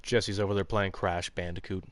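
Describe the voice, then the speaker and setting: A man's voice: deep voice, level tone, moderate pace, background noise. A man casually commenting on a live game stream, rambling with fillers, chatting with viewers by name and swearing now and then. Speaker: gaming streamer.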